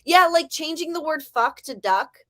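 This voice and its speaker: A woman of forty with an Ohio accent and a slight lisp, chatting casually as she hosts a writing stream. Her voice sits a little high for a woman, and she talks in a rambling, self-deprecating way. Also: lively intonation, moderate pace, a bit bright. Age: 40s. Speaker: livestream host.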